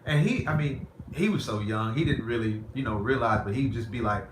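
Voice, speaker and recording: A man's voice: medium pitch, lively intonation, a little fast. A man vlogging, telling a personal story in a candid, rambling, conversational way. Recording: roomy echo, faint background noise.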